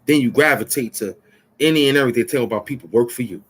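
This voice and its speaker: A man with a husky, mid-range voice talks very fast into the camera on his own channel. As host, he launches into a rambling trash-talk rant full of taunts and boasts.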